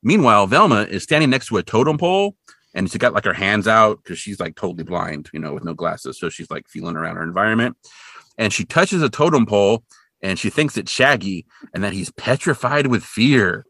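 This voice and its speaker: A man's voice: lowish voice, expressive, a little fast, fairly bright tone, slightly rough, dry recording, clean studio sound. A man co-hosting a podcast, chatting casually and recapping a cartoon episode in a rambling, self-deprecating way. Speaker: podcast co-host.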